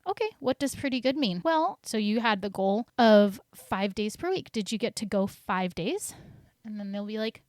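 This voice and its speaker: A woman's voice: fairly high pitch, animated, normal speed, a little mellow, no echo, clean studio sound. A woman health coach in a solo podcast, talking in an upbeat, encouraging way and acting out her clients' voices.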